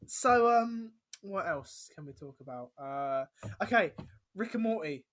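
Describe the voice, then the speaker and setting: A man's voice: fairly high pitch, expressive, measured pace, fairly bright tone, dry recording. A young man hosting a podcast, chatty and rambling, laughing a lot in casual talk. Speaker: podcast host. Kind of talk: casual chat.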